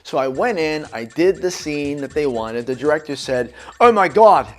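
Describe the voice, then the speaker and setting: A man's voice: on the high side, normal speed, a little mellow. A man, an actor, giving casual career tips in a chatty, anecdotal way and speaking directly to the viewer. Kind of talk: conversational tips video.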